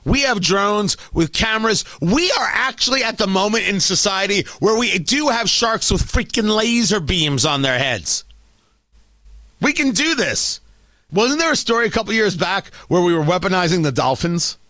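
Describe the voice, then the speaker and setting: A man's voice: sits high, animated, normal speed, sharp tone, dry recording, studio quality. A man hosting an opinion talk show, ranting sarcastically and stammering as he gets worked up.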